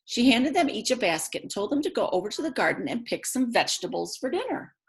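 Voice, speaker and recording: A woman's voice: fairly high pitch, very animated, fast, creaky. A woman reading a picture book aloud, breaking off for chatty asides to her young listeners. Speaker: read-aloud storyteller.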